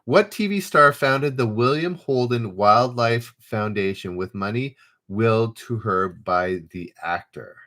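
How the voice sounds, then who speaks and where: Man, trivia host, low voice, unhurried delivery, reads questions then chats. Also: a bit bright. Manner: reads questions aloud, then chats loosely while waiting for answers. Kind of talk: live-stream trivia hosting.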